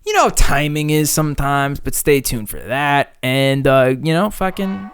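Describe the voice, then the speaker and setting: Gravelly, joking podcast co-host man. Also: on the high side, very animated, normal speed, no echo, clean studio sound, faint music behind. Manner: joking, rambling, loud bursts. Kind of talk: casual chat.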